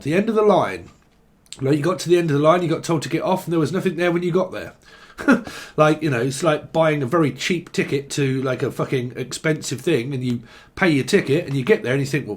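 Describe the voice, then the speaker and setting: A man with a slightly high voice talks through a tarot reading in a loose, rambling way. He drifts from thought to thought, swearing freely and dropping in street slang. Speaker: tarot reader. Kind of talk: casual tarot reading monologue.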